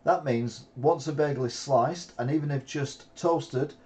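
A man's voice: a little high, measured pace, darkish tone. Man riffing on news headlines. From Britain. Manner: reads headlines then riffs with asides. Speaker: host of a live weekly news show. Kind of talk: casual news commentary.

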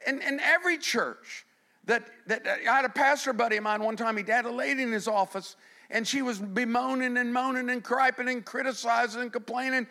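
A middle-aged man preaching a sermon, animated, swinging between loud emphasis and hushed passages. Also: very high voice, a little fast. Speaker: pastor.

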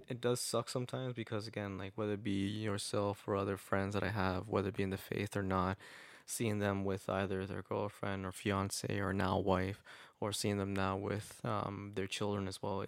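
A man with a low, gravelly voice talks in a relaxed, easygoing way, laughing often between his thoughts. The recording is dry and close, with no room around him. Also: moderate pace, no room sound. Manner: relaxed, laughs easily, lots of filler words. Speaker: podcast co-host. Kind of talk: casual faith conversation.

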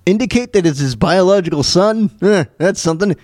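A man's voice: high voice, brisk, a little mellow. Stammering, jokey male podcast host. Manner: rambling, jokey, stammers and repeats words. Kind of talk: casual comedic commentary.

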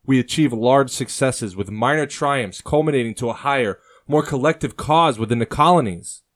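A man's voice: on the low side, moderate pace, voice pushed up, close to an everyday voice. A man voicing an older male colonial rebel leader who speaks sternly and lectures with passion. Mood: stern passionate.

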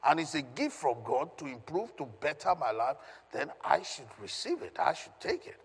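A man's voice: fairly high pitch, very animated, normal speed, slightly rough. A male pastor giving an emphatic Bible teaching, questioning his congregation as he reads scripture. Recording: long reverb of a hall.

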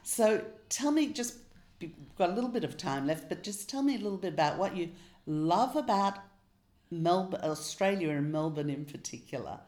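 A woman hosting an interview, her voice low and deep for a woman. She asks long, winding questions and often chimes in with affirmations. The sound is echoey and roomy. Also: lively intonation, normal speed. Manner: warm, affirming, rambling questions. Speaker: interview host. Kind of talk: casual conversational interview.

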